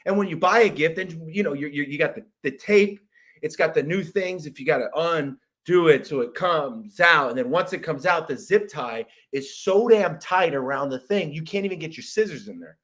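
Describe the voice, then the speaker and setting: Young male podcast host, comic rant, bright forceful tone, exasperated and profane. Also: a little high, animated, normal speed. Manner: profane, exasperated, jumps into loud shouted impressions. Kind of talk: comedic monologue rant.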